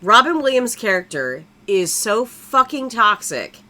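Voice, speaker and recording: A blunt woman tearing into a film in casual podcast chat, cursing freely. Her voice is bright and ringing, and it swoops up and down with lively expression. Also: fairly high pitch, unhurried. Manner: blunt, profane, emphatic. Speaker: podcast co-host. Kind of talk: casual movie-review chat.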